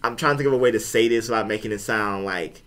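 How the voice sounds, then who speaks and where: A man's voice: fairly low pitch, fast. A man co-hosting a podcast, chatting casually about movies and shows, telling stories with acted-out quotes. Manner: animated storytelling, acts out quotes with laughter. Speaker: podcast co-host. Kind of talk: casual chat.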